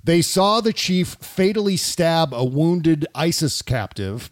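A man's voice: a little high, lively intonation, slow pace, no echo, clean studio sound. A man hosting a podcast in casual political chat, blunt and profane, with frequent filler "uh". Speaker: podcast host.

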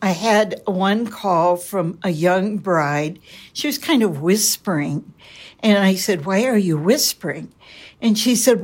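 A woman from a turkey advice hotline recounting a call and giving cooking advice in a calm, measured way. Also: medium pitch, breathy edge. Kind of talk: anecdote and advice in an interview.

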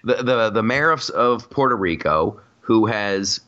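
A man's voice: on the low side, lively intonation, a little slow, fairly bright tone, dull audio. A man co-hosting a casual podcast chat, joking around and often repeating himself. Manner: jokey, restless, repeats himself. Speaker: podcast co-host.

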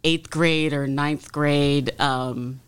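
Smooth-voiced author, a woman from Detroit. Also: low voice, steady tone, drawn-out words. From Detroit, USA. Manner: thoughtful, hesitant with ums. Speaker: author guest. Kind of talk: interview answers.

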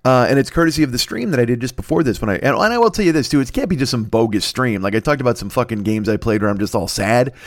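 A man's voice: mid-range voice, expressive, fast talker, hardly any pauses, no room sound, studio quality. A man in his forties from the United States hosting a comedic solo podcast, rambling and swearing with self-mocking humor. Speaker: podcast host.

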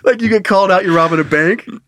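A man's voice: quick pace, very noisy. A young man co-hosting a comedy podcast, laughing a lot and acting out silly bits in put-on voices. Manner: laughs constantly, acts out bits in high voices. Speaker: podcast co-host. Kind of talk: casual comedic chat.

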